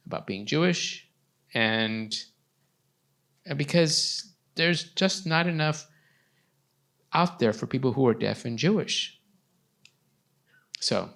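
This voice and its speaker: A man interpreting for a deaf guest in the first person on a live talk show, delivering his words in measured phrases. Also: mid-range voice, vocal fry, fairly bright tone. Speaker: sign language interpreter voicing a deaf guest. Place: TV studio with a live audience.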